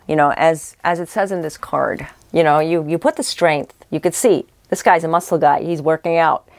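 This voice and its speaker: Casting note: woman psychic, low-ish voice, rambling delivery, voice a bit worn, dry room. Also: no room sound. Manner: rambling, many restarts and fillers. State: losing her voice. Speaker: psychic tarot reader. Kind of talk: casual spoken tarot reading.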